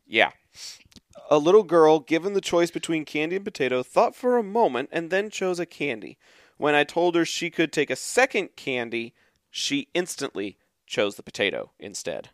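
An animated man with a lively, bouncing voice that sits a little high for a man. He co-hosts a podcast in a casual chat, reading tweets aloud and laughing as he goes. The sound is dry and close. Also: moderate pace, no room sound. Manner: animated, laughs often, acts out quoted kids loudly. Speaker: podcast co-host.

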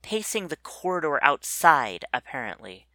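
A narrator reading a first-person story in an introspective, measured way. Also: mid-range voice, sing-song, sharp tone, dry recording.

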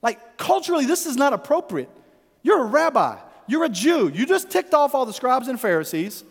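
A man's voice: sits high, huge pitch swings, fairly quick, breathy edge, in a large hall, exaggerated voice. A man voicing a group of nervous, embarrassed male disciples who fuss and plead in an anxious, whiny way. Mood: fretful.

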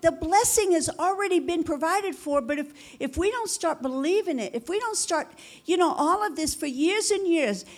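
A woman pastor preaching a sermon, fervent and repetitive, with rhetorical questions and calls of "Amen?" to the congregation. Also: high-pitched. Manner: repeats phrases for emphasis.

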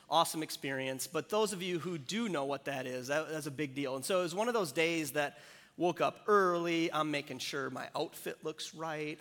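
A man's voice: on the high side, fairly bright tone. Man preaching with a conversational, storytelling manner. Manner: conversational, self-deprecating storytelling. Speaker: pastor. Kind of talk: sermon with a personal story. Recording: long hall reverb.

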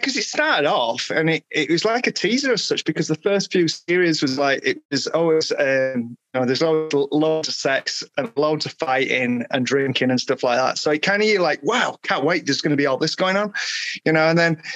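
A man's voice: fairly high pitch, normal speed, fairly bright tone, no room sound. A man, chatting casually and rambling through stories with frequent laughs. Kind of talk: casual chat.

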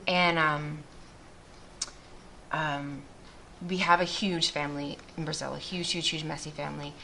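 A missionary addressing a group, this woman has a slightly low, creaky voice that sounds pushed and bright. She tells her faith testimony in a level, somewhat slow tone, earnest and reflective, frequently restarting her sentences. Faint background noise runs beneath her.

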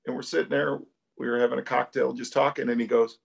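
Middle-aged male guest, lively anecdote teller, average pitch. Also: brisk, gravelly, slightly rough. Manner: animated, laughing storyteller. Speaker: tournament commentator, guest. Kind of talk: casual interview storytelling.

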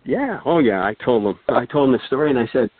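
A man's voice: medium pitch, expressive, fast, husky, no room sound. An older man tells a long story in a casual, rambling way, full of fillers and restarts. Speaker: guest storyteller. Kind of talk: casual anecdote telling. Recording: dry, phone-like thin sound.

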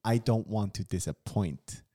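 A man's voice: fairly low pitch, measured pace, dark tone, slightly rough. A man co-hosting a casual podcast chat, thinking aloud in a reflective, self-deprecating way, often restarting his sentences. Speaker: podcast co-host, comedian.

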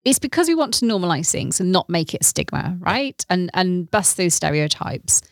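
Chatty British female podcast co-host, mid pitch, dry close mic. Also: very animated, moderate pace, dry recording. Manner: chatty, laughs often. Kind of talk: casual chat.

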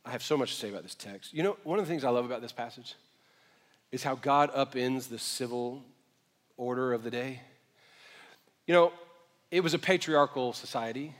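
A male pastor preaching a sermon in a conversational, joking way, dropping to quiet asides and rising to loud emphasis, and slowing down to read scripture. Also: medium pitch. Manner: slows right down when reading scripture aloud. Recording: long reverb of a large hall.

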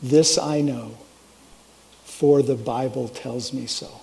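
A man imitating an elderly Swiss German theologian with a Swiss German accent, speaking slowly and softly. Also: mid-range voice, steady tone, vocal fry, pitched below the performer's own voice, rough recording. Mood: tender.

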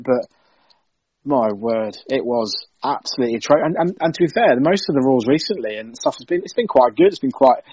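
A man's voice: medium pitch, animated, brisk, darkish tone, breathy edge, no echo, lo-fi sound. Stammering man on a podcast. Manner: stammers on restarts, exasperated. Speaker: podcast co-host. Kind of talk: casual wrestling review chat.

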